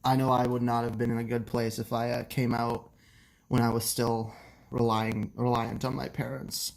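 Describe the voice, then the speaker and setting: A man's voice: mid-range voice, level tone, normal speed, vocal fry. A young man hosting a casual late-night livestream, loose and profane, coughing and laughing often. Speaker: livestream host.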